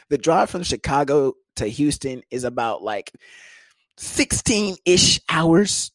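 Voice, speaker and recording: Telling a comedic story from his own life, a young man from the US curses liberally and slips into high-pitched impressions of others. His voice is a bit bright, with no echo.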